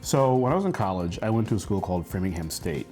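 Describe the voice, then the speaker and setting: A man's voice: deep voice, fast, soft background music. A man in his forties telling a funny college story in casual talk, laughing often and acting out the voices of the people in it. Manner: animated, laughs often, acts out quoted voices. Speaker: storyteller host.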